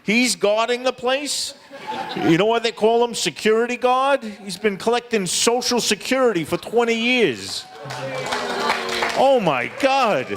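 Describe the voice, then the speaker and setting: A man's voice: extremely high pitch, lively intonation, unhurried, a crowd in the background. A man performing a stand-up comedy set with punchy delivery, laughing at his own jokes.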